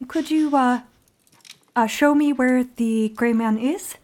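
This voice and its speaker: A woman voicing a courteous, gently probing male adventurer. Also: high-pitched, slow. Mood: concerned.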